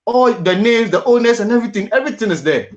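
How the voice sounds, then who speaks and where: A man's voice: high-pitched, expressive, quick pace, lo-fi sound. Earnest male boxing show host. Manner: earnest, repeats and restarts words. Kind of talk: panel discussion on boxing.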